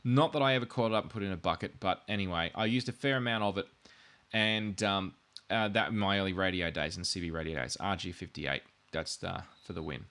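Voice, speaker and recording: This podcast host's voice is low, bright and forceful, and he talks fairly quickly while explaining networking gear. His casual technical chat rambles along with self-mocking humor and jokey asides. Wired, he says he's overdone the coffee.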